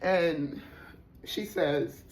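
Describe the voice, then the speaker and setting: A woman's voice: low voice, very slow, a little hiss or hum. A woman doing a casual tarot reading for viewers, slangy and profane, talking with lots of feeling and laughing often. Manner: slangy, profane, animated and emotional; laughs often, addresses viewers as sis and y'all. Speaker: tarot reader.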